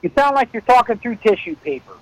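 A man's voice: very high voice, brisk, dry recording, rough recording. A man calling in to a local radio show, chatting in a plainspoken, easygoing way. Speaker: radio caller. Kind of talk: casual call-in chat.

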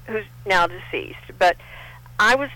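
A woman's voice: medium pitch, a little slow, no echo, poor audio. An older woman from Texas, a guest in a casual interview, telling stories animatedly and acting out the people she quotes. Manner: animated storyteller, acts out quotes.

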